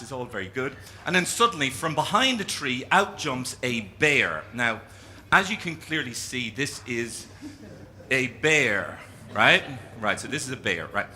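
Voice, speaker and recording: An Irish man giving a keynote talk to a live audience, telling stories as he draws. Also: mid-range voice. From Ireland. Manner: animated storyteller, drawing as he speaks. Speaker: keynote speaker. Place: conference room with an audience.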